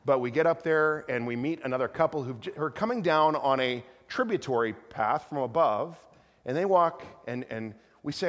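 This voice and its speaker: A middle-aged man pastor telling a rambling, animated story in a sermon, with many restarts. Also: medium pitch, moderate pace. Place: church sanctuary. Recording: long hall reverb.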